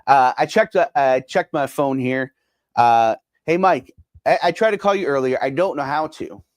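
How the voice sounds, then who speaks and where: A middle-aged sports podcast host, on his own, goes through viewer comments casually, rambling with lots of filler words and repetition. He speaks at a medium pitch and normal speed, and the recording is dry with clean studio sound.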